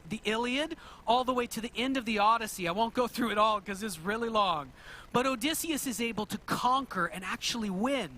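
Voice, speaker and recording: A male pastor delivering a sermon as an animated storyteller, retelling an old tale in plain conversational words. His voice sits very high and sounds bright and forceful. He now and then turns to the congregation with a question. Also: slight background noise. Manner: asks the audience questions.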